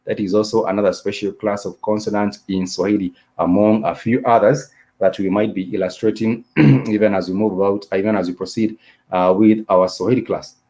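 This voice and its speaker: Man, low-pitched voice, live-stream language teacher, patient, repetitive, lots of fillers, spells words out. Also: fairly even intonation, mellow. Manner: repetitive, explanatory, many "uh" and "you know" fillers; spells out letters and repeats words slowly. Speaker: Swahili teacher.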